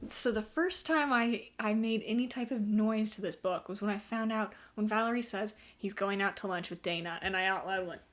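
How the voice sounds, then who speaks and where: A woman's voice: medium pitch, normal speed, hardly any pauses, a bit bright. A woman reviewing a book in a casual vlog, retelling the plot in a sarcastic, incredulous way with plenty of fillers.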